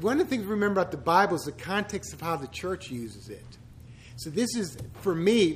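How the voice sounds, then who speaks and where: A pastor with a notably high voice leads a chatty church teaching. He peppers it with joking asides and rhetorical questions. The man talks like he is with friends rather than preaching from on high. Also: a little hiss or hum.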